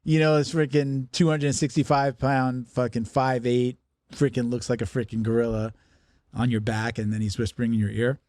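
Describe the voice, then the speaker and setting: Chatty 50s guy hosting a podcast, joking around, medium pitch, dead dry mic. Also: little pitch movement, moderate pace, darkish tone, no echo. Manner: chatty joker. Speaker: podcast host. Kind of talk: casual chat.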